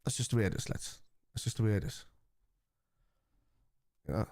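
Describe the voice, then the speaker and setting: A man's voice: on the low side, animated, moderate pace, darkish tone, no room sound, clean studio sound. A man, hosting a live football watchalong and answering viewers bluntly, with plenty of swearing. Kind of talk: live stream chat reacting to viewers.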